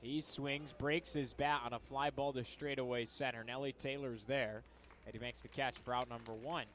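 A young man from upstate New York calls a baseball game from the booth, his voice rising sharply with each pitch before easing back into relaxed chat. His pitch sits in a middle range. The delivery is brisk and practiced. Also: a little hiss or hum. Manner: calls pitches with bursts of energy, chatty between plays. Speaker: play-by-play announcer. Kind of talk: baseball play-by-play commentary. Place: broadcast booth at a ballpark.

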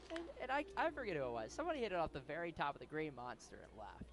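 A man's voice: on the high side, wildly swooping pitch, quick pace, a bit bright, soft background music. A young man in a ballpark broadcast booth, chatting as the color commentator in a rambling, self-interrupting way and laughing often. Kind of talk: casual baseball booth banter.

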